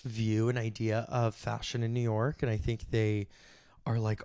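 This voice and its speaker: A young woman from Texas co-hosting a podcast, talking in an animated, playful way, laughing often and sometimes loud. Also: extremely low pitch, normal speed, no room sound, clean studio sound. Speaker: podcast co-host. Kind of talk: casual chat.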